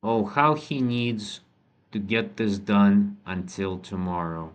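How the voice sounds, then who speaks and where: A man teaching a language lesson, thinking aloud with frequent ums and restarts and reading model sentences slowly. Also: on the low side, steady tone. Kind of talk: relaxed spoken lesson.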